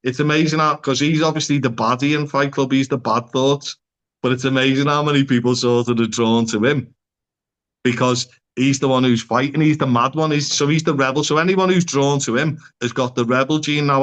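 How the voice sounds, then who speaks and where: A man's voice: mid-range voice, a bit bright. A man with a Liverpool accent, a psychotherapist talking as a podcast guest, rambling and filling his speech with "like" and the odd swear word. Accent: Liverpool (Scouse). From Liverpool, England. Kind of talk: casual podcast conversation.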